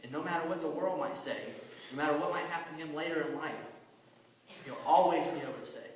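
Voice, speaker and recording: A man's voice: on the high side, quick pace, far from the mic. Earnest man testifying in an echoey hall. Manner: earnest, repetitive emphasis. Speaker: church children's class teacher. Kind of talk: church testimony.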